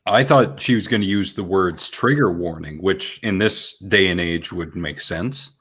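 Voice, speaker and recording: A man co-hosting a podcast, chatting casually in a calm, dry, measured way. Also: low-pitched, breathy edge. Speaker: podcast co-host. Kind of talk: casual chat.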